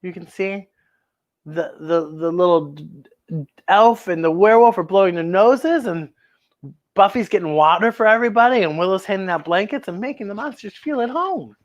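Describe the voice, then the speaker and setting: A woman hosting a children's story time, reading a picture book aloud in an animated, expressive way and exclaiming over the pictures. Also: mid-range voice, normal speed, dull audio.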